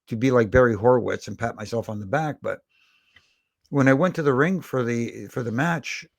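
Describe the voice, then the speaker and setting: A middle-aged man, a guest on a podcast, telling long, animated anecdotes full of restarts. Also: mid-range voice, normal speed, creaky, no room sound, studio quality. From Toronto, Canada. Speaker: guest, former wrestling referee. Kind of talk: casual storytelling interview.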